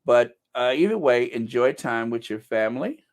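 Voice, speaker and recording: A man's voice: medium pitch, lively intonation, normal speed. A middle-aged man hosting a casual live chat, reading viewer comments and joking at his own expense with mock-indignant outbursts. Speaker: channel host.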